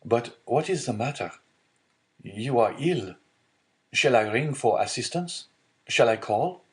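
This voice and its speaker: A man's voice: medium pitch, expressive, slow, voice pushed up. A man voicing an honest, earnest young male sailor in an audiobook, sincere and eager. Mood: pleading.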